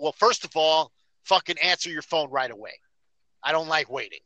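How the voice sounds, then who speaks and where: Profane, ranting man with a bright voice. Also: on the high side, lively intonation, moderate pace, dry recording, poor audio. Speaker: podcast host. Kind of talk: casual podcast chat.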